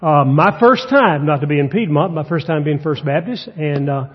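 A man's voice: a little high, normal speed, breathy edge, in a large hall, lo-fi sound. A man, a guest preacher giving a folksy, conversational sermon with humor in a church. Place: church sanctuary.

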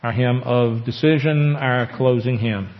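A man preaching a sermon as pastor, earnest, with slow emphatic pauses. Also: medium pitch. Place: church sanctuary. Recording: echoey church hall, dull lo-fi sound.

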